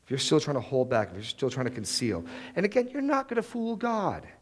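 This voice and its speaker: A man's voice: medium pitch, very animated, brisk. A married man preaching a sermon, acting out the prayers and excuses he quotes. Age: adult, married. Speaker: pastor.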